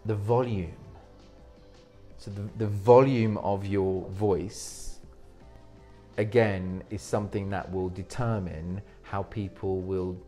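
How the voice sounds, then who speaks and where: Lively, low-voiced male speaking coach. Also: takes it slowly, faint music behind. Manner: energetic, restarts sentences, demonstrates techniques. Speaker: presentation coach. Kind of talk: interview advice.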